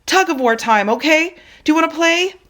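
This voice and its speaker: A woman voicing a frightened young boy who calls out to his dog in high, pleading shouts. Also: expressive, brisk. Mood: panicked.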